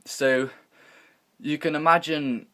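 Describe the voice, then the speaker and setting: A man's voice: fairly high pitch, slow. Young guy rambling through a story. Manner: rambling, animated, swears freely, acts out quotes. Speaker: vlogger. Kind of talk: casual storytelling.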